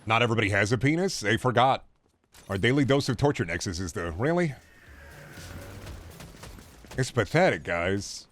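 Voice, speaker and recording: A man's voice: lowish voice, animated, moderate pace, pauses often, fairly bright tone, a little hiss or hum. A young man streaming games, chatting casually with sarcastic, profane rants. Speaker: gaming streamer.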